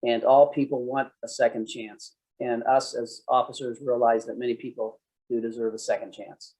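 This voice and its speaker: A man's voice: medium pitch, little pitch movement, moderate pace, a little mellow, rough recording. Conversational male police trainer. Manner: conversational, acts out sample phrases. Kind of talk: conference presentation.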